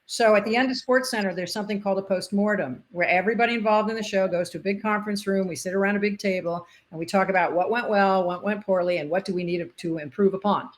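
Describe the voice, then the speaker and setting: A woman's voice: mid-range voice, fast, few pauses. An older woman, a former sportscaster and umpire, telling stories in a casual interview and acting out the dialogue. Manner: animated storyteller acting out quoted dialogue.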